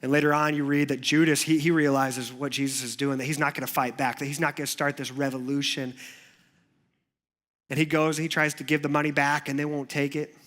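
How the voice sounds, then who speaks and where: A male youth pastor preaching a sermon in a church, telling the story in a storytelling way that moves between hushed moments and lively ones. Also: fairly high pitch, brisk.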